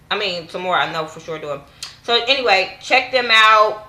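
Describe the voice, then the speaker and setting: Young woman vlogger, AAVE speech, blunt and profane, bright forceful tone, casual recap. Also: lively intonation, moderate pace, roomy sound. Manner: blunt, cussing, acts out quotes with raised pitch. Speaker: YouTube TV reviewer.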